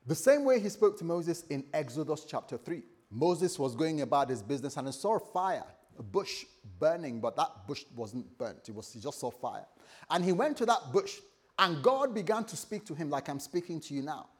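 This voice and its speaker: A man preaching a morning sermon as pastor, repeating phrases and swinging between loud and soft. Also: on the high side, normal speed, breathy edge. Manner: lively, repetitive preaching with sudden loud and soft turns.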